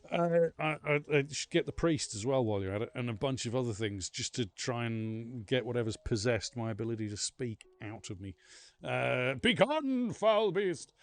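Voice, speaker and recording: A medium-pitched male voice moves briskly with few pauses. The speaker is a gamer on a live stream, chatting loosely with viewers and joking at his own expense.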